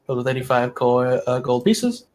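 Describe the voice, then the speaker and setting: A man's voice: mid-range voice, lively intonation, normal speed, darkish tone, poor audio. A man narrating as game master of a tabletop game, describing scenes in a loose, rambling way and laughing often.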